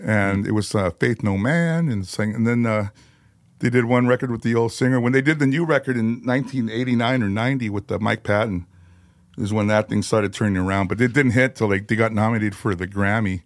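A man's voice: lowish voice, brisk, dry recording. A man, a guest on a podcast, telling loose, rambling stories full of "you know" and "like" in casual conversation. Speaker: guest musician.

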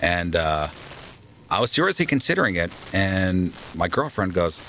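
A man, a radio DJ, telling animated stories in a casual interview and acting out the people he quotes. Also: deep voice, moderate pace, a little hiss or hum. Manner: animated anecdotes, acts out quoted voices. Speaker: radio DJ guest.

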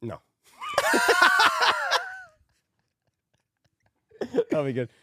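A man co-hosting a casual podcast chat, teasing and quick to laugh. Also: high-pitched, big pitch swings, very noisy. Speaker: podcast co-host.

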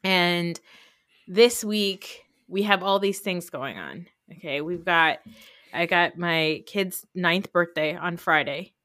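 A woman's voice: on the low side, slow, fairly bright tone, no room sound, clean studio sound. A woman in her thirties with a New Jersey accent, hosting a podcast in casual, rambling chat full of fillers. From United States. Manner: rambling, chatty, many fillers. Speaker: podcast host.

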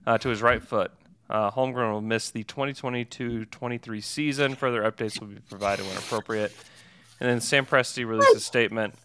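A man's voice: medium pitch, fairly even intonation, a little fast, fairly bright tone, smooth, no echo. A man hosting a sports podcast, chatting casually with fillers and self-corrections. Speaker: podcast host.

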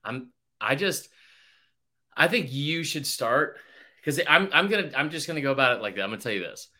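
Expressive and fairly quick, his mid-range voice is pushed and bright as this young co-host of a sports podcast rambles, curses a lot and acts out quoted voices in his stories.

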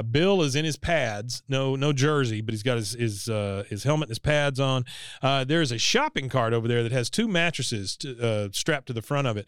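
A man's voice: medium pitch, fairly bright tone, smooth, no room sound, studio quality. A man co-hosting a podcast, retelling scenes in casual chat. He acts out the quoted lines and laughs often. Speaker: podcast co-host recapping an episode.

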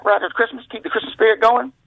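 A man, telling a story, puts on a cheeky caddy who talks in a fake folksy drawl to dodge his boss. The voice jumps far above the man's own and stays husky. It comes through a thin, tinny phone line. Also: very high-pitched, fairly even intonation, racing, pitched above the performer's own voice, heavily acted. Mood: sly. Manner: fake folksy put-on accent. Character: sly hungover male caddy, folksy and cheeky.

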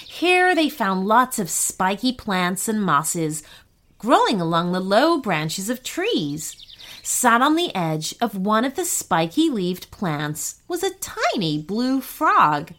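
A woman reading a children's story aloud as narrator, gentle and expressive. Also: mid-range voice, slow pace.

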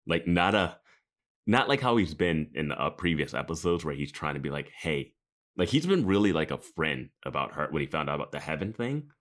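A man's voice: extremely low pitch, big pitch swings, a little fast, fairly bright tone. A man co-hosting a podcast in casual chat, laughing often and wandering into asides. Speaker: podcast co-host.

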